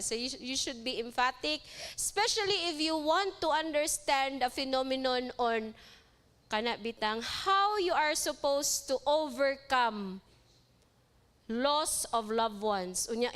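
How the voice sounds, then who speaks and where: A woman lecturer with a Cebuano Filipino accent giving an animated live seminar lecture, switching between English and Cebuano and joking with the audience. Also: high-pitched, a little slow.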